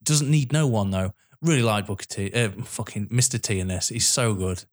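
A young man co-hosting a podcast, chatting about films in an animated, swearing, laughing way. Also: fairly low pitch, moderate pace. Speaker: podcast co-host. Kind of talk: casual film chat.

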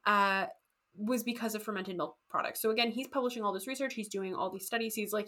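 A woman casually telling a history story on a podcast, animated and jokey, acting out quotes. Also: medium pitch, fast. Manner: animated, jokey, acts out quotes in goofy voices. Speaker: podcast co-host.

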